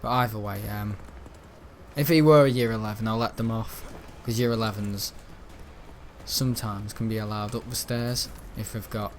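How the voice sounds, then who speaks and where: In a lowish, steady voice at normal speed, a young man hosting a gaming channel chats casually while he plays, telling school stories and imitating the people in them. There's a little hiss or hum.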